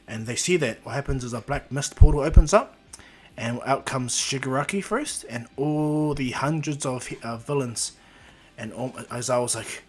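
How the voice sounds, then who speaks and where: A man casually narrating a homemade fan story, rambling and restarting as he goes. His voice sits at an ordinary middle pitch, with faint music running underneath. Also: normal speed, husky.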